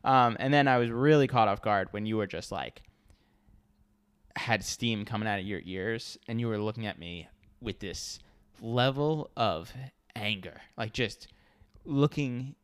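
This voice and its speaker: Measured man laying out his points. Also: fairly low pitch, clear, resonant tone. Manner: measured, laughs often, lays out points. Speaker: podcast co-host. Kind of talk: casual chat.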